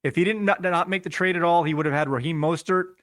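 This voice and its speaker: A man's voice: a little high, fast talker, a bit bright, dry recording, studio quality. A man hosting a fantasy football podcast, talking to listeners in an upbeat, casual way and calling them guys. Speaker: podcast host.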